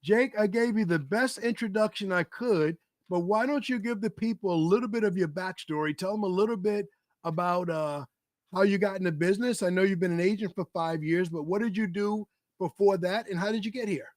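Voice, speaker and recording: An energetic male podcast host with a high voice and a hyped, emphatic delivery, repeating phrases for effect. His voice sounds dry and close, with no room around it, as he welcomes his audience and interviews a guest. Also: fairly quick, no room sound. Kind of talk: live podcast hosting and interviewing.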